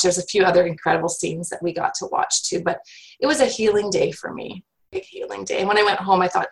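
A woman's voice: on the low side, gravelly, rough recording. A woman guest telling a personal faith story in an earnest, reflective way, often restarting her sentences.

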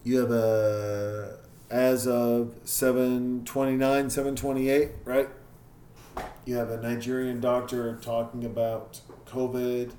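A man's voice: medium pitch, warm tone, a little hiss or hum. A man hosting a podcast, talking candidly and self-critically in a casual monologue, swearing freely. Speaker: podcast host. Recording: echoey room with faint ambience.

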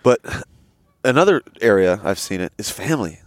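A man's voice: fairly low pitch, moderate pace, no room sound. A young man co-hosting a podcast in casual chat, telling stories with lots of swearing and acted-out quotes. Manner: animated storyteller, swearing, acts out quotes. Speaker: podcast co-host. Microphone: headset.

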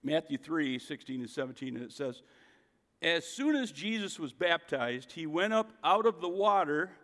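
A man preaching a sermon, leaning on his points and posing questions to the listeners. His voice sits somewhat high for a man. It rings with the long reverb of a large hall. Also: very animated, normal speed, bright, forceful tone. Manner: emphatic preaching, rhetorical questions. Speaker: pastor.

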